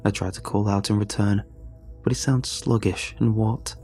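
A man narrating a story in the first person, reading it in a measured, steady way. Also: on the low side, soft background music. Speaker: audiobook narrator.

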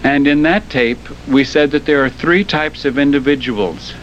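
A man speaking a slow, deliberate, solemn message that was recorded on tape. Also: fairly high pitch, dull audio. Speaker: cult leader on a recorded tape.

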